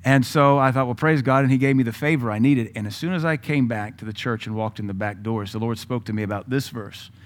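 A man's voice: medium pitch, fairly quick, hardly any pauses. A middle-aged male pastor preaching a sermon, telling a personal story with laughs and sudden swings in volume.

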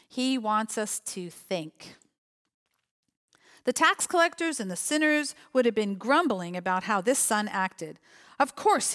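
A woman's voice: medium pitch, fairly bright tone. A woman giving a sermon, reading a parable aloud and reflecting on it with questions to her listeners. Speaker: preacher.

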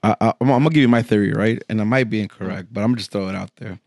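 A man's voice: lowish voice, very fast, darkish tone, no room sound, studio quality. A man co-hosting a podcast in casual, teasing chat, swearing freely. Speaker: podcast co-host.

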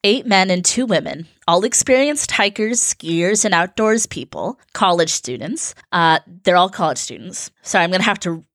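A woman's voice: fairly low pitch, animated, normal speed, hardly any pauses, fairly bright tone, dry recording, studio quality. A woman hosting a casual podcast, chatty and laughing often as she retells a story from her notes. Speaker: podcast host.

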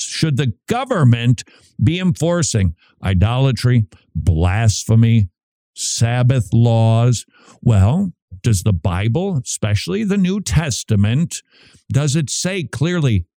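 Animated man from Minnesota teaching. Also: medium pitch, dry recording. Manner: conversational, asks and answers his own questions. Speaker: podcast host. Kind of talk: casual Bible teaching talk.

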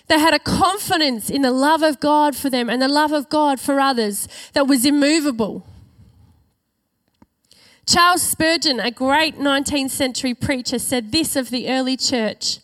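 High-voiced woman preaching a sermon. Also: fairly bright tone. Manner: earnest, emphatic, slows for key phrases.

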